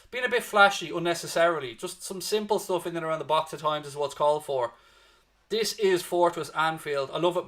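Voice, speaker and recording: A high-voiced man from Dublin, Ireland, with the accent to match, hosts a fan watchalong. He gives animated live match commentary and chats with viewers, swearing freely and urging everyone to stay positive.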